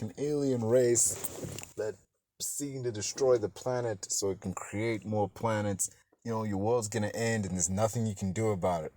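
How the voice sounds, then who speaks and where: A man's voice: fairly low pitch, warm tone, dry recording. A man hosting a podcast, giving a casual, rambling film review full of swearing and fillers. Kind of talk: casual movie review monologue.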